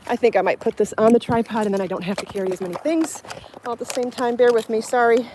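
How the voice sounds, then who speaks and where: A woman's voice: a little high, darkish tone, slight background noise. A woman hosting a live stream outdoors on the way to a beach. She talks casually into a handheld phone, chatty and apologetic, laughing often and out of breath. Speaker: podcast host on a live stream. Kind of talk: casual live vlog while walking a bike. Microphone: phone held in hand.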